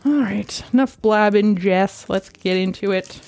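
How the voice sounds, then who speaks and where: A woman hosting her own podcast in casual chat, excitable and scattered, swearing freely as she talks. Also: mid-range voice, unhurried, creaky. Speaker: podcast host.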